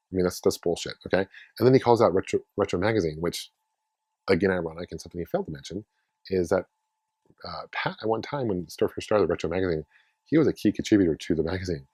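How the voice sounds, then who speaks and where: Guy in his 30s ranting on his channel, low husky voice, talks fast, swears a lot, dry close sound. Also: darkish tone, no room sound. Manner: rambling, heated, profane, repeats words. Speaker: YouTube host. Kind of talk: casual vlog commentary.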